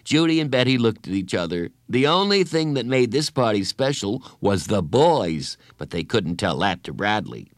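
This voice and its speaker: A man reading a children's story aloud with expressive, animated storytelling. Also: lowish voice, normal speed, hardly any pauses, no room sound. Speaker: narrator.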